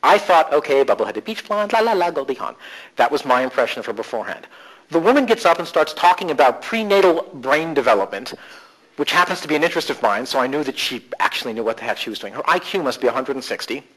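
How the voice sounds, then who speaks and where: A man presenting at a conference, telling animated, joking stories in a humorous live talk. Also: medium pitch, fast, rough recording. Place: conference session room.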